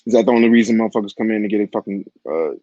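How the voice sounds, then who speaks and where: On a dry, dull, lo-fi recording, a male vlogger in his forties fires off a raunchy personal anecdote in a warm voice on the low side. His delivery is rapid, crude and rambling, full of asides to whoever is listening.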